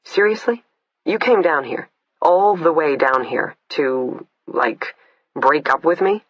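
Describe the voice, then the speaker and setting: A man voicing a husky, coarse imprisoned sister. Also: fairly high pitch, animated, slow, no echo, heavily acted. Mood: incredulous. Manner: blunt, coarse, swearing. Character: hard cold woman killer, imprisoned older sister. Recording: dull lo-fi, dry.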